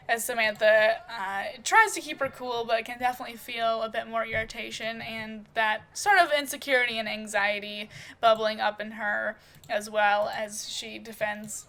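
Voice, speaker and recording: A woman's voice: a little high, fairly even intonation, moderate pace, sharp tone. Casual rambling woman narrator. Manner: loose, rambling, with "uh" and "kind of". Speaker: storyteller and game player. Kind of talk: casual improvised story narration.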